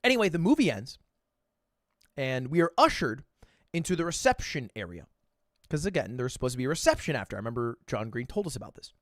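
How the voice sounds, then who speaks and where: Animated twenty-something man telling a story. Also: medium pitch, fast talker, no room sound, studio quality. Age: 20s. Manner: animated, swearing, sudden loud laughs and bursts. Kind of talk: casual storytelling.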